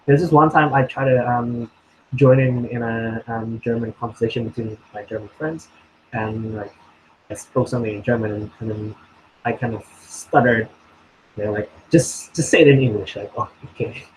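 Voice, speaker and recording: A man's voice: medium pitch, flat delivery, normal speed, darkish tone, slight background noise, low-quality recording. A young man from Indonesia chatting casually as co-host, hesitant with many fillers and restarts. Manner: hesitant, many ums and restarts, laughs often. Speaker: co-host answering questions. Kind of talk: casual conversational chat.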